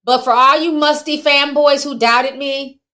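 A woman's voice: high voice, fairly even intonation, unhurried, sharp tone. A woman giving chatty, opinionated commentary on celebrity news, speaking straight to her viewers. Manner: chatty, opinionated, laughs and teases. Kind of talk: casual commentary.

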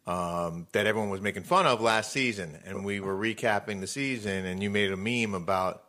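A man's voice: fairly low pitch, fairly quick, bright, forceful tone. A man co-hosting a casual gossip chat from off-camera, his nose in a splint after surgery. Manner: chiming in from off-camera. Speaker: show co-host. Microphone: away from the mic, off-camera.

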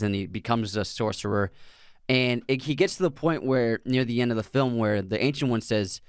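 A man's voice: medium pitch, clear, resonant tone, no echo, studio quality. A man co-hosting a casual movie podcast who talks thoughtfully and often restarts his sentences. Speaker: podcast co-host.

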